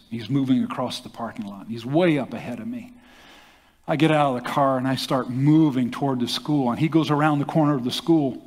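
An older man, a pastor, telling a story in a sermon with animated delivery and acted-out quotes. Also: medium pitch. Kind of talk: sermon testimony. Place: church hall. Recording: long hall reverb.

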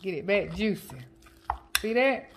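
A woman chatting casually as a home cooking vlogger, counting her seasoning shakes out loud and joking with family off camera. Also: mid-range voice, lively intonation, a little slow, noisy background. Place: home kitchen. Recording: kitchen clatter of dishes and utensils.

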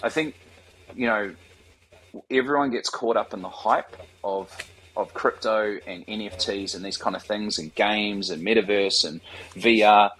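A man's voice: on the low side, unhurried, fairly bright tone, a little hiss or hum, low-quality recording. A man, telling stories as a guest in a casual interview, swearing freely and acting out the voices of the people he quotes. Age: 40s. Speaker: guest, startup founder.

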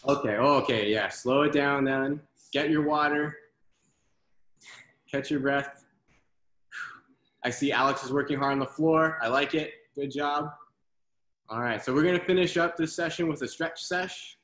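A man leading an online workout class over a video call, giving brisk, encouraging cues and counting down reps. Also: fairly high pitch, a bit bright. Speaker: fitness instructor. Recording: very echoey room, faint noise.

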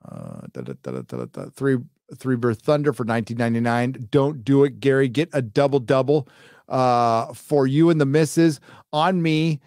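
Tired sarcastic guy reading donations on a late stream, bouncy pitch, dry close mic. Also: sing-song, moderate pace, darkish tone, no echo. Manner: sarcastic, mocking, laughs while reading. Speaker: live stream host reading donation messages. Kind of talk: late-night live stream chat.

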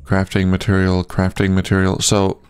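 A man's voice: sits low, completely flat delivery, normal speed, a little mellow, clear, resonant tone, dry recording. A man hosting a let's play, commenting casually and thinking aloud as he plays. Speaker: gaming channel host.

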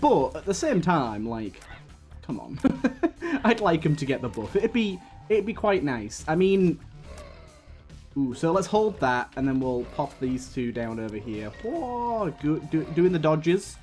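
A man's voice: a little high, very animated, measured pace, darkish tone, faint music behind. A man giving casual, rambling commentary while playing a video game, hiccuping now and then. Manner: chatty, rambling, frequent fillers and restarts. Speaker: gaming YouTuber.

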